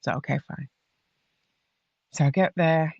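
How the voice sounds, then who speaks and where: A woman guest on a podcast, telling a personal story in a casual, animated way and acting out what others said. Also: deep voice, a little slow, gravelly, husky, no echo, dull audio.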